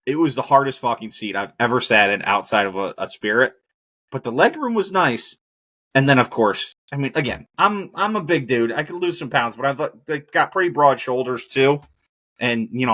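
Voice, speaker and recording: A man's voice: mid-range voice, lively intonation, moderate pace, sharp tone. A man hosting a podcast, ranting casually and profanely about air travel and movies. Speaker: podcast host. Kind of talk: casual monologue.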